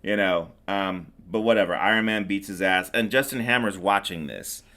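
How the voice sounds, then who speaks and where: A middle-aged podcast host recaps a movie in a low voice at normal speed, with a sharp tone. His casual chat is rambling and sarcastic, with plenty of fillers.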